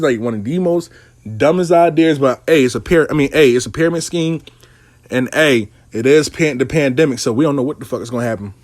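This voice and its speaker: A man's voice: fairly high pitch, dry recording. A man telling a casual, profanity-laced story about his money coaching clients. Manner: animated, profane street talk.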